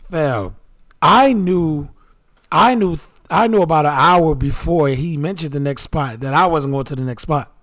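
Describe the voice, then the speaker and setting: A man's voice: a little high, unhurried, a bit bright. A man co-hosting a podcast, telling stories in a loose, slangy way with laughs in between. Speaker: podcast co-host. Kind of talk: casual chat, storytelling.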